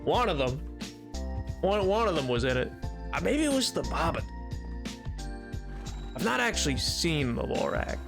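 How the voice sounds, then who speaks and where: Excitable high-voiced young man streaming. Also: moderate pace, gravelly, long pauses, music in the background. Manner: excitable, jokey, swings from mumbling to shouting. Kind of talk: casual live-stream chatter while gaming.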